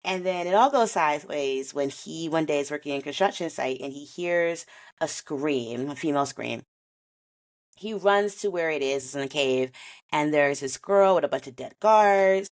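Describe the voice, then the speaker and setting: A woman's voice: low voice, animated, normal speed. A woman hosting a podcast, chatting casually and animatedly about an anime, with slangy asides and frequent laughs. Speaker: podcast host.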